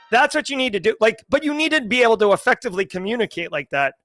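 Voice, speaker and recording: Bright-voiced joking Massachusetts livestream host. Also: male voice, very high voice, fast, hardly any pauses, no echo, soft background music. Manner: joking, animated, chatty. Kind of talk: casual livestream chat.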